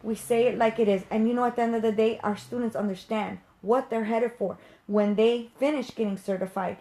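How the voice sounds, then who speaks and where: A woman with a fairly high, warm voice rants directly to viewers in an unscripted live stream. She's a medium who teaches others, speaking fairly quickly with fairly even intonation, blunt passion and heavy emphasis, swearing casually.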